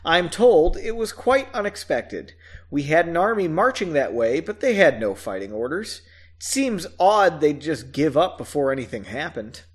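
An eager, high-pitched royal schemer, as a male reader puts him on, pushing his plans with a pleading lilt. The voice swings freely up and down. It sounds like an amateur audiobook reading. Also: very animated, normal speed, slightly rough. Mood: smug.

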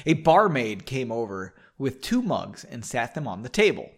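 A man's voice: mid-range voice, very animated, moderate pace, gravelly, breathy edge. A man hosting a podcast, reading his own novel aloud with playful, self-mocking asides to listeners. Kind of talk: casual story reading with joking asides.

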